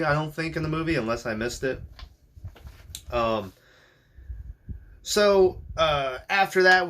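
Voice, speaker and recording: Bright-voiced man rambling through a movie recap. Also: mid-range voice. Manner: rambling and profane, full of ums and likes. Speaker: podcast host.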